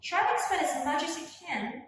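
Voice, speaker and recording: Gentle high-voiced woman leading pilates. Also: fairly quick. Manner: gentle, calm cueing of breath and movement. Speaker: pilates instructor. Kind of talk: guided workout instruction. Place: room at home. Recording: echoey room from far off, faint noise.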